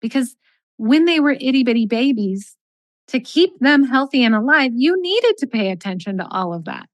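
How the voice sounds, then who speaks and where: In this podcast interview, a middle-aged woman who works as a life coach gives steady, measured guidance and performs example dialogue lines. Her pitch is fairly high, with no echo in the audio.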